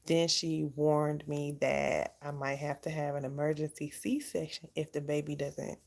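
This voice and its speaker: Gravelly-voiced young woman telling a story. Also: deep voice, little pitch movement, measured pace, darkish tone. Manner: candid, chatty, laughs often. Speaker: vlogger. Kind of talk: casual storytelling to camera.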